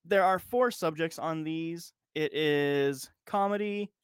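A man co-hosting a podcast, running a trivia game in casual chat, animated and jokey, laughing often. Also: fairly high pitch, slow pace, smooth, no room sound, studio quality.

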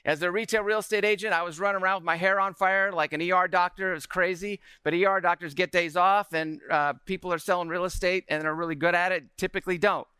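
A man in his forties giving an energetic talk to a live audience, often asking the room questions. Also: sits high, quick pace, hardly any pauses, smooth, dry recording.

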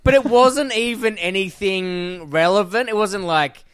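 A man's voice: high voice, a little slow, a bit bright, smooth, no echo, clean studio sound. A man co-hosting a podcast over a video call, telling a story with lots of swearing. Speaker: podcast co-host. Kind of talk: casual podcast banter. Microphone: remote video call.

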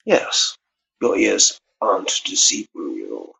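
A man's voice: low voice, wildly swooping pitch, slow, creaky, sharp tone, a little hiss or hum, low-quality recording. A man leaving a playful recorded intro for a podcast in a theatrical manner, swearing and trying comic regional accents. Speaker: voicemail caller.

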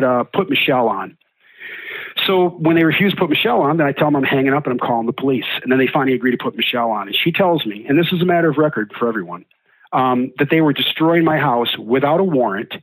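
A man's voice: mid-range voice, no echo, poor audio. A man being interviewed, telling his story heatedly and acting out the quoted exchanges. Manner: heated, quotes himself and others forcefully. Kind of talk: indignant first-person account.

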